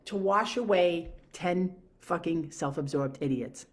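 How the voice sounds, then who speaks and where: A woman telling exasperated, animated stories in a casual monologue rant, swearing freely. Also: fairly low pitch, measured pace, hardly any pauses. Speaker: podcast host.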